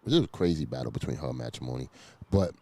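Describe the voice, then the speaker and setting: A man hosting a video-call interview, telling stories in an animated, hyped-up way. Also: very deep voice, very fast. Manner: animated storyteller, hypes things up. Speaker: host. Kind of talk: casual interview.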